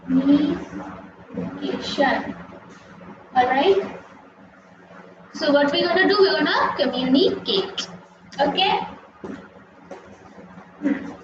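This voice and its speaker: A woman's voice: high-pitched, slow pace, long pauses, a little hiss or hum. A young woman teaching a live conversation class. She talks patiently, repeating herself and checking in with "okay?" and "right?". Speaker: English teacher. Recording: echoey, distant and muffled.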